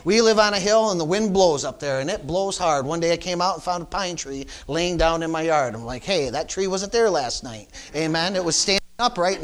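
High-voiced man preaching a sermon. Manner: preaching with frequent call-outs and rising emphasis. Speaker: pastor.

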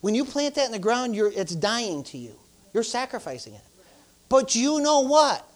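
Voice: mid-range voice, sing-song, normal speed. A pastor, preaching informally, peppering talk with "praise the Lord" and "hallelujah," and urging the congregation emphatically. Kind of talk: sermon.

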